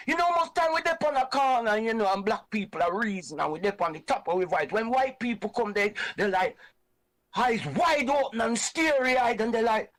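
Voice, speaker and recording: A Jamaican man hosts an online reasoning show and speaks with fiery conviction. He drives his points home by repeating them in a preaching way. His speaking voice is high for a man. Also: lively intonation, unhurried, a bit bright, poor audio. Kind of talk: impassioned reasoning talk.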